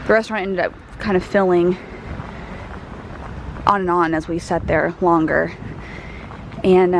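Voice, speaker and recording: A woman's voice: lowish voice, noisy background. A young American woman chatting enthusiastically with many fillers as she films a travel vlog. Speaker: travel vlogger. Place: out of doors in a park and city.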